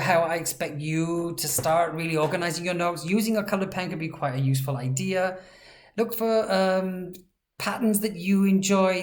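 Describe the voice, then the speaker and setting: A woman teaching a language lesson in a relaxed, chatty way, with playful asides and sounds spelled out slowly. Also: lowish voice.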